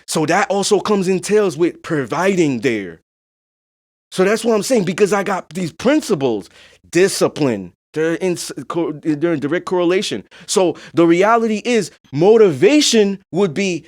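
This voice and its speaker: A man's voice: high-pitched, lively intonation, normal speed, darkish tone. A man hosting a podcast in a casual monologue. He talks bluntly and emphatically, swears freely, and keeps checking in with "you know what I'm saying.". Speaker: podcast host.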